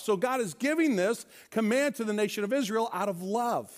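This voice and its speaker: A man's voice: high voice, lively intonation, a little fast, hardly any pauses. A male pastor preaching a Sunday sermon, emphatic, with rhetorical questions and asides to the congregation.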